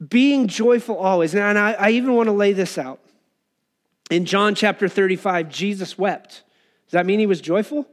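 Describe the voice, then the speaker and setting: High-voiced man preaching a sermon. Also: moderate pace. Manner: earnest, conversational preaching with acted-out quotes. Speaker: pastor.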